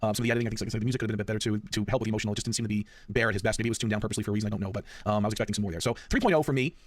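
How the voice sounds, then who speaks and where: Podcast host guy talking super fast, chatty and emphatic, dry close mic. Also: fairly low pitch, no room sound. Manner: quick, chatty, emphatic, repeats himself. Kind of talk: casual podcast chat.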